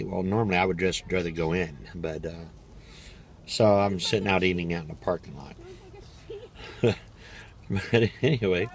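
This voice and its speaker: A man's voice: sits low, a little hiss or hum. An older man casually telling a rambling personal story as a vlogger, sitting in his parked car, chatty and laughing as he talks. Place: parked car in a parking lot.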